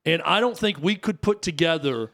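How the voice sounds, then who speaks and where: A man in his thirties co-hosting a talk radio show. His voice sits a little on the high side, and he tells stories in a loose, chatty way with plenty of restarts and fillers. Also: lively intonation, normal speed, fairly bright tone. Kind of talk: casual sports radio chat.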